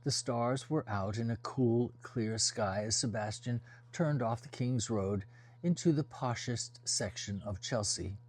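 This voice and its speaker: Man narrating a story, measured pace. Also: medium pitch. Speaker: audiobook reader. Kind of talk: first-person audiobook narration.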